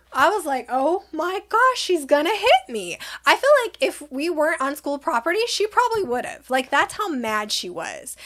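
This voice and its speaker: A woman's voice: high-pitched, a bit bright. A young adult woman telling a storytime vlog to her viewers, retelling the argument with exasperation and quoted dialogue. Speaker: vlogger.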